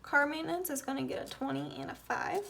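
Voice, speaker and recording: A woman's voice: high-pitched, very animated, quick pace, gravelly, a bit bright, slight background noise. A woman with a Southern US accent talking through her budget in a casual vlog, counting bills aloud and sometimes murmuring the tallies under her breath. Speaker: budgeting vlogger.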